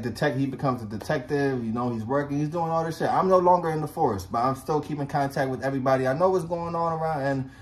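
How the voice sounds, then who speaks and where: A young man, once a police officer, talks in a raw, unfiltered way, full of swearing and street slang. His voice sits a little high for a man. He tells his story plainly and bluntly, as a casual video monologue.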